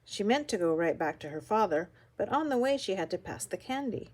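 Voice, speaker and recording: An older woman reading a children's picture book aloud, her voice rising and falling with lively expression. She tells the story warmly paced and animated, slowing and softening at the tense moments. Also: medium pitch. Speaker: storybook reader.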